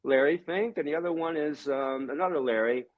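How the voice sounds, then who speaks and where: A man's voice: brisk, phone-quality sound. A man in his seventies, a religious brother and guest, talking in an emphatic, ranting way. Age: 70s. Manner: emphatic, ranting, swinging pitch and loudness. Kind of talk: heated conversational monologue.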